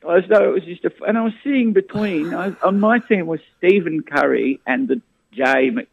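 A man with an animated storytelling manner, chatting as a guest in a radio interview. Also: sits high, moderate pace, creaky, dry recording. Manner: animated storyteller, frequent restarts. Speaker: comedian guest. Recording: tinny phone line.

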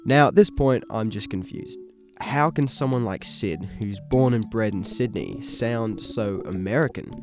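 A man's voice: fairly low pitch, unhurried, music in the background. A man co-host narrating a scripted audio feature in a curious, playful way.

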